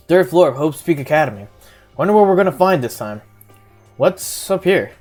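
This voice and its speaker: A woman's voice: low-pitched, expressive, normal speed, pauses often, darkish tone, soft background music. A woman streamer giving casual let's-play commentary, rambling, swearing and thinking aloud. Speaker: game streamer.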